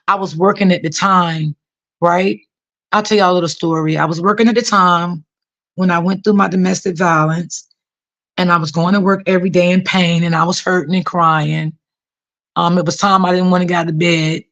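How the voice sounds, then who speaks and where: A woman's voice: lowish voice, highs cut off. A woman telling a personal story to her viewers in a casual way, often repeating herself and using many fillers. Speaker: author talking to viewers.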